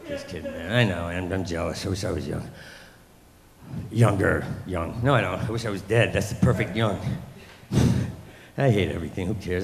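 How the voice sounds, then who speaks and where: A man in his fifties doing a rambling, self-deprecating stand-up comedy set, now and then jumping into loud mock voices. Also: lowish voice, moderate pace, long pauses. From New York. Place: comedy club stage. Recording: echoey club room with long reverb.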